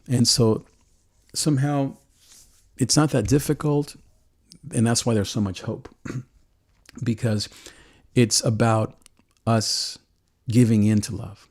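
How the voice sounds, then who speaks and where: An earnest man with a lowish voice talks with deep emotion, close to tears at times. He preaches warmly and loosely, restarting his phrases and laughing softly now and then. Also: steady tone, slow, pauses often, husky. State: choked with emotion. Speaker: host. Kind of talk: emotional call-in show monologue on faith.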